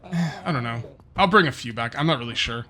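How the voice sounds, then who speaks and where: A man's voice: mid-range voice, lively intonation, quick pace, bright, forceful tone. A middle-aged man giving casual, rambling commentary while playing a survival game, thinking aloud and muttering to himself. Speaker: gaming video host.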